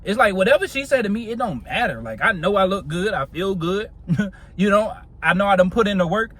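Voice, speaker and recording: A man's voice: high voice, expressive, brisk, a bit bright. A young man telling a casual storytime monologue in a slangy, laid-back way, laughing often.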